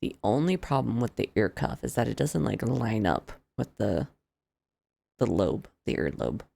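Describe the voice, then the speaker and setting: A woman's voice: rumbling low, sing-song, normal speed, gravelly, warm tone, no echo. A woman streaming a game, giving chatty, playful commentary and laughing often.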